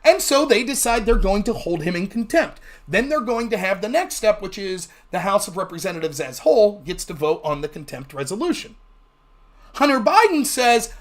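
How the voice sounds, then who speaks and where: Sarcastic, combative political show host. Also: male voice, high-pitched, big pitch swings, a little fast. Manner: sarcastic and combative, switching into mocking voices. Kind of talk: ranting political commentary.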